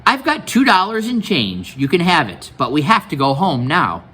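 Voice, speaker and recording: A man's voice: huge pitch swings, moderate pace, sharp tone, slightly rough, full character voice. A man reading aloud as a nervous, overly polite young boy who talks formally. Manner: formal, chattery and high.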